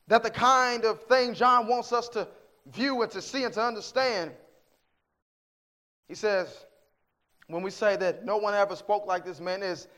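High-voiced man preaching emphatically. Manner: emphatic, swings from hushed to forceful; rhetorical questions, scripture quotes. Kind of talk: sermon.

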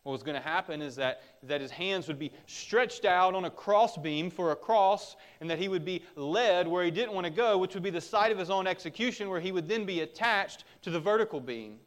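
A middle-aged man delivers a sermon from the pulpit. His voice sits a little high for a man. He speaks earnestly and exhorts his listeners, pressing harder when he warns them. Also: expressive, fairly quick, hardly any pauses. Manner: earnest, exhorting, with rising intensity on warnings. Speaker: pastor.

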